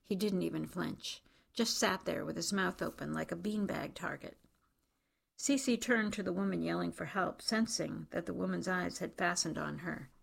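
A woman's voice: on the low side, moderate pace, vocal fry, slightly rough. A woman narrating an audiobook in a wry, dry storytelling manner.

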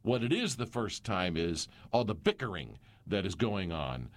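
A man's voice: low voice, very animated, normal speed. A man co-hosting a casual radio chat, reading from old newspapers with wry asides. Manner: gruff, wry asides, trails off with "blah, blah". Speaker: radio co-host.

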